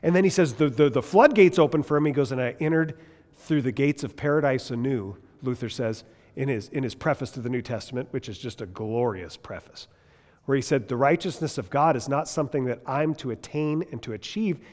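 A man teaching a Bible class in a lively, conversational way, asking his listeners questions as he goes. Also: mid-range voice, brisk, big-room sound. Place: large classroom or hall.

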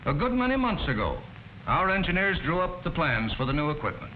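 An actor as a phone company presenter in a 1940s film, addressing viewers in a formal, upbeat way. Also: male voice, fairly high pitch, wildly swooping pitch, brisk. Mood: earnest. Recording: dull, slightly hissy old film audio.

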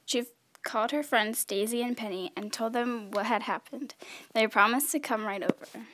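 A woman reading a children's story aloud in a clear, measured storytelling voice. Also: fairly high pitch, background noise. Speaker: storybook reader.

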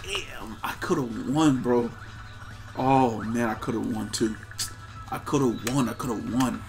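A young man casually commenting on his own gameplay, excitable and trash-talking the other players. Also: medium pitch, measured pace, over music. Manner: excitable, talks to himself and chat, trash-talks players. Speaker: gaming streamer.

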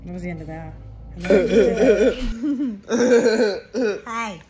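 A woman's voice: medium pitch, very slow, over music. A mother chatting casually on a family vlog, doting and affectionate toward her son.

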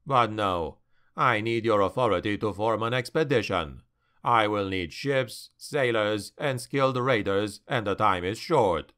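A man doing a calm, scheming dark elf noble. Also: fairly low pitch, measured pace, voice pushed down. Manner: calm, even, persuasive.

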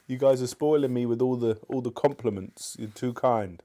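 A man's voice: mid-range voice, normal speed, hardly any pauses, mellow. A man reading a children's novel aloud on a live stream, breaking off for chatty, appreciative asides to his viewers. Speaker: live-stream book club reader.

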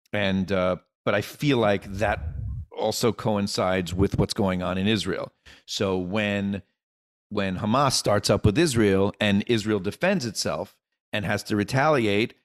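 Man, middle-aged, comedian guest, low-pitched, rambling, joking asides, casual chat.

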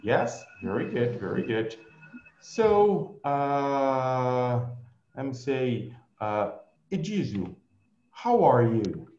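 A male English teacher with a Brazilian Portuguese accent, leading an online group class slowly and patiently, repeating his praise. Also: medium pitch, very animated, a little mellow, echoey room, lo-fi sound, soft background music.

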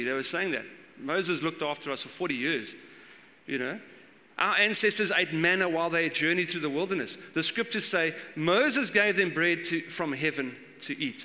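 A man preaching a sermon as pastor, animated and acting out the voices he quotes. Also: high-pitched, moderate pace. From South Africa. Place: church hall. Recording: long church hall reverb.

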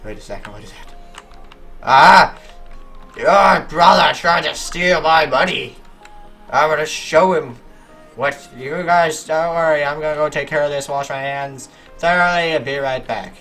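A man giving animated let's-play commentary, yelping and talking back to the game's characters as he plays. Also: on the high side, a little slow, soft background music. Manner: animated, yelps at game characters. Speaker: gaming YouTuber.

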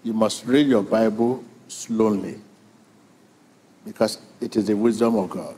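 A man's voice: on the low side, fairly even intonation, measured pace, warm tone, breathy edge. A man preaching a sermon with emphatic repetition, drawing in the congregation. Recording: long reverb of a large hall.

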